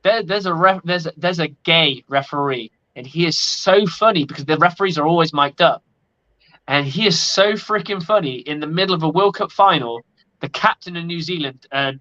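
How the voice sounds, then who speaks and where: A man's voice: on the high side, normal speed, sharp tone. A man talking casually on a sports podcast, blunt and opinionated and swearing freely. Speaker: podcast co-host. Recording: lo-fi audio.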